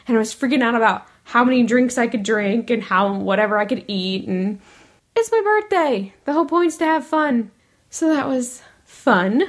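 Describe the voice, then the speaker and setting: A woman hosting a podcast in a casual, chatty way, laughing often. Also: a little high. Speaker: podcast host. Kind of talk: casual chat.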